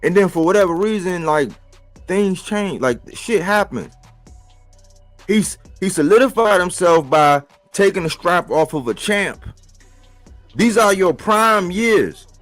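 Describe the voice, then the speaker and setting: A man giving a casual, slangy boxing commentary monologue for a live stream, animated and rhetorical, repeating his points. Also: high-pitched, unhurried, faint music behind. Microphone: live-stream mic.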